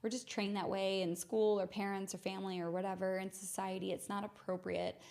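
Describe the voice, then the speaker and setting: A young adult woman hosting a mindfulness podcast, telling a personal story in an earnest, reflective way and slowing down to stress key words. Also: medium pitch, little pitch movement, creaky, darkish tone. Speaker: podcast host.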